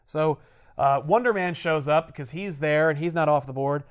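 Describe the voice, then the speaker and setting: A man telling a comic storyline in casual chat, animated and full of fillers. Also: on the high side, moderate pace, clean tone.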